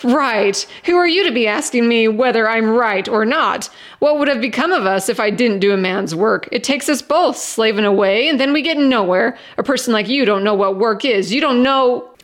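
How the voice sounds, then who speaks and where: A woman reading the part of a worn-out farm wife around thirty, blunt and rustic in her speech. Her voice sits a little high, and her replies come sharp and defensive. This is a storybook reading. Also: lively intonation, normal speed, close to an everyday voice. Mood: furious.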